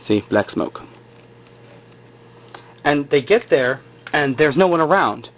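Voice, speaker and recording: A man's voice: fairly high pitch, lively intonation, slow. A man casually retelling a TV episode, rambling with lots of filler words. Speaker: episode recapper. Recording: slightly muffled lo-fi recording.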